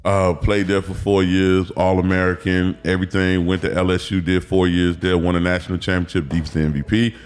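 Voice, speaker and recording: A man, a former football player telling animated, profane stories as a podcast guest. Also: low voice, brisk, few pauses. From Miami, Florida. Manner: animated storytelling, acts out quotes, profane. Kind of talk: casual podcast interview.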